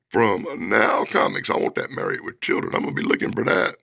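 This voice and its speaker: A man's voice: on the low side, wildly swooping pitch, brisk, gravelly, few pauses, sharp tone, no room sound, studio quality. A man hosting a comic book review vlog, giving a sarcastic, mocking running commentary as he pages through an old comic. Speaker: host.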